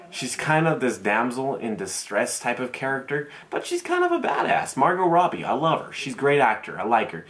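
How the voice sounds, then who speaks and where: A young man talks through a film review in a loose, unscripted way. He hesitates often, repeats himself and circles back with plenty of ums and uhs. His pitch sits right in the middle for a man. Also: a bit bright. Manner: rambling, hesitant, many fillers and restarts. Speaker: movie reviewer. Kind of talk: casual video review.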